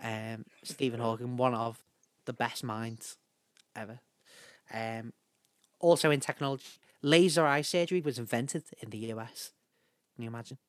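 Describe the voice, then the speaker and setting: A man co-hosting a podcast in casual, jokey chat, often trailing off quietly. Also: mid-range voice, fairly even intonation, normal speed, pauses often, dry recording, studio quality. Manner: jokey, trails off softly at ends of lines. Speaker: podcast co-host.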